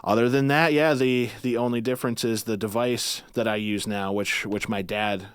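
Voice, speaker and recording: A man's voice: medium pitch, steady tone, normal speed, clear, resonant tone, no echo, clean studio sound. A man talking casually as a podcast guest, easygoing and self-deprecating, often laughing between thoughts. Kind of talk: casual conversation.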